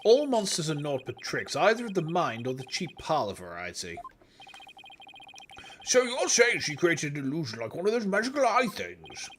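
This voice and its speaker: A streamer voicing a calm, menacing samurai prosecutor in a video game, speaking in measured, archaic phrases. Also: mid-range voice, slight background noise.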